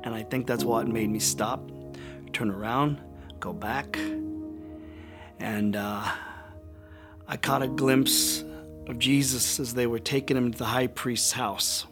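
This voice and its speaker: An actor playing a remorseful, impulsive fisherman disciple in a dramatic monologue, halting and confessional, swelling into shouts. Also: mid-range voice, steady tone. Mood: rueful. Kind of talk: dramatic monologue over music. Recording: music playing underneath.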